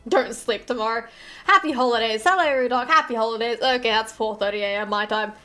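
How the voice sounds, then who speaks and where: A woman's voice: on the high side, a little fast, sharp tone, soft background music. A young Australian woman chatting casually on a live stream while she draws, swearing freely and muttering to herself.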